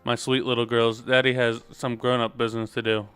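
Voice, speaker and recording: A man reading an earnest noble father, gentle and reassuring, in his own smooth, clear voice. Faint game music plays beneath the dialogue. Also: mid-range voice, flat delivery, a little fast, lightly acted.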